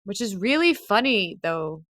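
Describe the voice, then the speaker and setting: A woman's voice: mid-range voice, big pitch swings, measured pace, a bit bright, dry recording. A woman co-hosting a podcast in casual chat, candid, swearing freely and laughing often. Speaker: podcast co-host.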